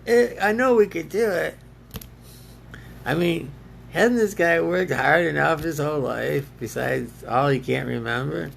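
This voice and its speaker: Gravelly man rambling and laughing. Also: on the high side, a bit bright, slight background noise. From United States. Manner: laughs often, argues with himself in two voices. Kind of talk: rambling self-talk monologue.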